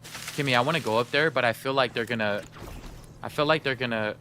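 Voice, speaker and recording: A man's voice: medium pitch, a little fast, sharp tone, slight background noise. A man streaming a video game live, chatting playfully to his viewers and whining in mock sadness. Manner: playful, talks to chat, mock-sad whining. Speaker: gaming streamer. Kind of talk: live gameplay commentary.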